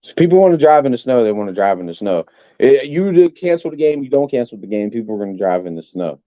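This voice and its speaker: A man's voice: medium pitch, big pitch swings, fast talker, highs cut off. A man, angrily ranting on a live stream as a sports fan and swearing often. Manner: angry, profane ranting.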